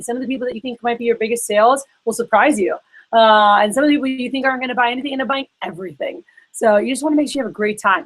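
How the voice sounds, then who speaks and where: A woman's voice: fairly high pitch, poor audio. A woman leading a sales training workshop, talking casually and acting out phone calls with her reps. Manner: chatty, acts out phone calls in quoted voices.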